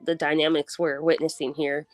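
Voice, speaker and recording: A woman's voice: low voice, little pitch movement, normal speed, dry recording. Laughing woman host, dry close sound. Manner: laughs often, rambling with restarts. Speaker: livestream host. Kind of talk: casual livestream chat.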